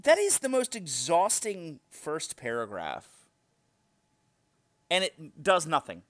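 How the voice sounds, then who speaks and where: A man co-hosting a casual book discussion podcast, joking and quick with asides. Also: fairly high pitch, huge pitch swings, dry recording. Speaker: podcast co-host.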